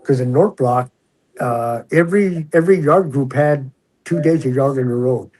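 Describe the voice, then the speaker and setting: Husky older man telling stories. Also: medium pitch, normal speed, low-quality recording. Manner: relaxed, chatty, acts out quoted voices. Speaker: retired prison officer, podcast guest. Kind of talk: casual storytelling.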